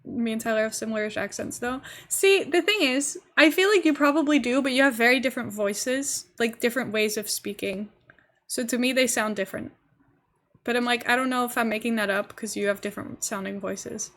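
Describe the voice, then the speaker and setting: A woman's voice: on the high side, brisk, fairly bright tone. A young woman with a posh English accent, chatting casually and giggling as she streams a game. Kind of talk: casual live-stream chat while gaming.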